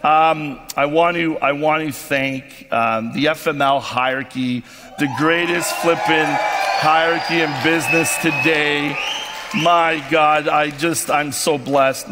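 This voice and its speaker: A man's voice: fairly high pitch, sharp tone, a little hiss or hum. Man, motivational keynote, effusive, emotional, lots of ums, big echoing convention hall. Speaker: keynote speaker at a company convention. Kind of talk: motivational speech. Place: convention stage in a large hall. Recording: long hall reverb from a convention stage.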